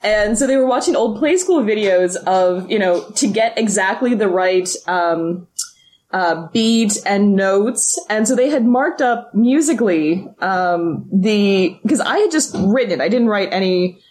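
A woman's voice: mid-range voice, animated, measured pace, a little mellow. A woman from Australia in a casual interview, talking about her project with lots of ums and easy laughter. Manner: chatty, laughing often, many ums and uhs. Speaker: guest, writer of a comedy nursery rhyme project.

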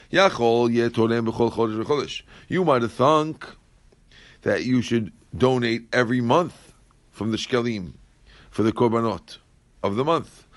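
A man's voice: medium pitch, no room sound. A man teaching a Talmud class who reads Aramaic lines and then explains them in plain English, often repeating his phrases. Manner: repeats phrases while working through the text.

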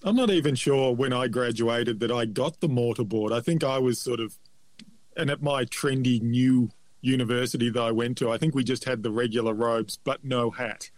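A man's voice: medium pitch, normal speed, no echo. Dry, self-deprecating man. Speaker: podcast co-host. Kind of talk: casual chat.

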